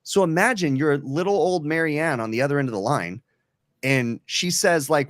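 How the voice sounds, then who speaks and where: A man co-hosting a casual podcast, telling a funny story with lively swings and acted-out quotes, swearing freely. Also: medium pitch, brisk, dry recording, studio quality. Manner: animated, swearing, acts out quoted voices. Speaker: podcast co-host.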